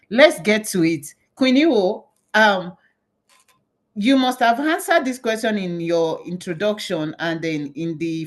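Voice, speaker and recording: A woman from Nigeria, moderating a panel and telling self-mocking stories in a lively way. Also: medium pitch. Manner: animated, self-mocking storyteller. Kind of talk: conversational panel facilitation.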